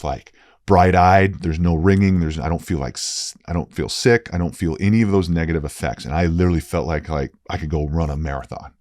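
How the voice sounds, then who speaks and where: A man's voice: sits low, a little mellow, dry recording, studio quality. A former football player in his forties, a guest telling a candid story in an earnest, emphatic way, often adding "right?".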